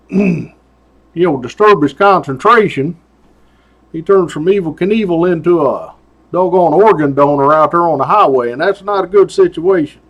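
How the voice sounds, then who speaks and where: An older man, casually telling road stories as a retired trooper, folksy and chuckling as he goes. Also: sits high. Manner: folksy drawl with laughs and "doggone". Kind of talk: casual storytelling. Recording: dull lo-fi sound.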